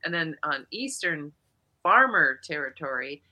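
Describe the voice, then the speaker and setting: Sixties lady from south dakota, really bright tone, chatty and laughy on a call. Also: sits low, big pitch swings, a little slow. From eastern South Dakota. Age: 60s. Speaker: guest. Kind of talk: casual chat.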